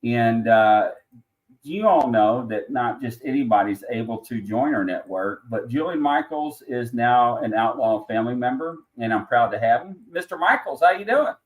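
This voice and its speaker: Chatty Southern host greeting viewers. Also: male voice, medium pitch, expressive, normal speed, rough recording. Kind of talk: live-stream talk show.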